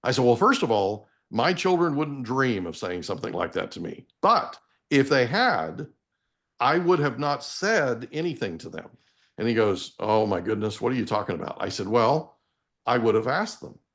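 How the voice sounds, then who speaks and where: A man's voice: mid-range voice, big pitch swings, a little slow, fairly bright tone. A man in his forties, a guest on a live interview, giving motivational parenting advice in an emphatic, preachy way and often checking in with "okay?". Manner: emphatic, preachy, addresses listeners directly with repeated "okay?".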